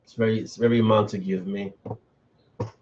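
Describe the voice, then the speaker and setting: A man's voice: on the low side, level tone, moderate pace, a little mellow. A man hosting a casual live stream, chatting loosely and answering viewers' comments as he goes. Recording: dull, slightly lo-fi stream audio.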